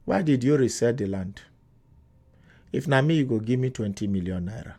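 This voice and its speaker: A man's voice: medium pitch, lively intonation, moderate pace, warm tone. Fields: Sex: man. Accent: Nigerian. Role: radio phone-in host. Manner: emphatic, scolding. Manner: emphatic, scolding, reads listener messages aloud.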